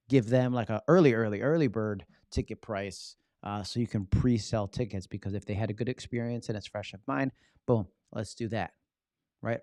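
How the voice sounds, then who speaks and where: A man hosting a live stream on public speaking, teaching in an energetic, casual way and often checking in with "right?". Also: medium pitch, no echo, studio quality.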